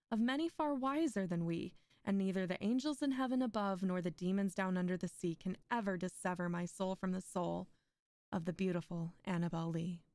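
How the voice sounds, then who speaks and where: A woman's voice: lowish voice, darkish tone, no echo. A young woman streaming a poetry reading, reciting poems aloud and breaking off into chatty asides with frequent laughs.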